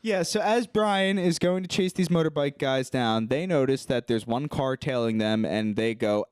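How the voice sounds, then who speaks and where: A man's voice: fairly high pitch, expressive, normal speed, hardly any pauses, a little mellow, clean tone, no room sound, studio quality. A young man co-hosting a podcast, casually recapping a movie with jokes and mocking quotes of the characters. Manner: joking, acts out movie characters in mocking voices. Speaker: podcast co-host.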